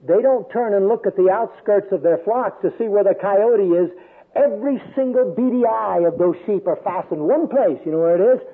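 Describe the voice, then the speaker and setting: Older preacher with a tinny, husky voice. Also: male voice, high-pitched. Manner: storytelling, swings from loud emphasis to soft hush. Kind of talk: sermon. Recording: tinny phone-like radio sound.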